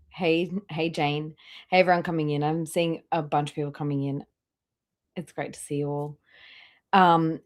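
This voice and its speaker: A woman hosting a live stream, mocking and swearing as she comments on clips in a casual, blunt way. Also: fairly low pitch. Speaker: livestream host reacting to clips.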